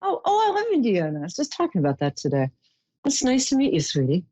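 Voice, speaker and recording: With a medium-pitched, dark voice, this psychic call-in host talks quickly and her pitch swings widely. She soothes callers with endearments during readings, and the recording is dry, dull lo-fi with no room sound.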